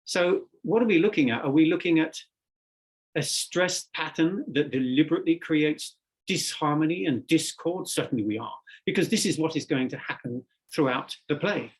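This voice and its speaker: A man with a slightly raised pitch and a husky, breathy edge delivers a literature lecture. He speaks in a measured, explanatory way and lands hard on key words. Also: lively intonation. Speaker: English teacher.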